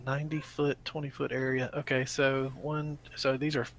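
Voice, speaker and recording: A man playing a tabletop game who thinks out loud while working out his spells and moves. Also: medium pitch, level tone, moderate pace, gravelly, slight background noise. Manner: thinks aloud, counting out spell ranges. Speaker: player. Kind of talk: casual tabletop play.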